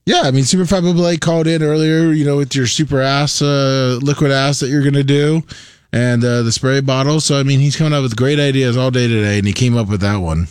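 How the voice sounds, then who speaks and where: A man's voice: medium pitch, a little fast, clear, resonant tone, no room sound. Guy radio host, ribbing his cohost, crude and rambly, dry close mic. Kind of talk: casual radio banter.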